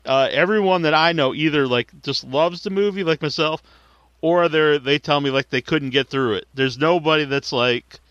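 A man hosting an interview, a relaxed listener who laughs easily and agrees often. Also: a little high, normal speed, no echo. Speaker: podcast host, interviewer. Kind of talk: casual interview chat. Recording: dull, dry, lo-fi recording.

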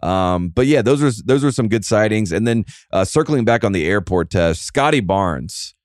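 A man's voice: lowish voice, animated, normal speed, dry recording, clean studio sound. A man hosting a casual sports podcast, rambling and self-mocking, with lots of fillers and restarts. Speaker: podcast host.

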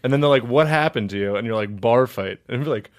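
A man's voice: medium pitch, fast talker. Laughing man in casual comedy chat. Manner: laughs a lot, reads stories aloud, swears casually.

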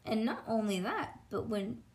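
A woman's voice: a little high, very animated, measured pace, a little mellow, slight background noise. A woman voicing a jolly, joking old grandfather who talks hearty and teasing.

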